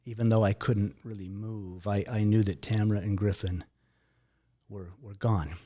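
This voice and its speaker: A middle-aged man recounting a near-death experience in an interview, halting and repeating words, his voice sinking low and quiet at the hardest moments. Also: steady tone. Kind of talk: emotional personal storytelling.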